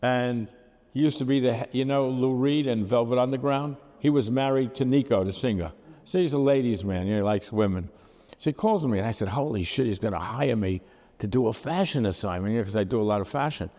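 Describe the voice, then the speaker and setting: A man's voice: mid-range voice, fairly quick, mellow, big-room sound. An older man with a Brooklyn accent talking bluntly about his photographs, rambling with asides and fillers. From United States.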